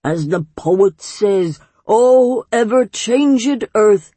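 A pompous, ancient swamp monster, as a woman reading a storybook puts him on, lecturing in a mild, grand way. His delivery is slow and a little husky. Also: medium pitch, expressive, mellow, no echo, pitched above the performer's own voice, exaggerated voice. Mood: brooding.

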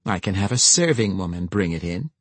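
A man's voice: deep voice, expressive, a little fast, slightly rough, no echo. A man reading a haughty, falsely sweet noblewoman. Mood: condescending. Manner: cold, condescending.

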